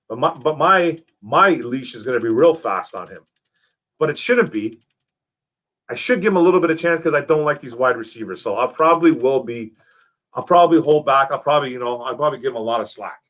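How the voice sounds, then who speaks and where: Brisk and medium in pitch, a young streamer chats about football and reads viewer messages on a casual live broadcast. He's animated, repeats himself, and keeps addressing people as "man" and "bro."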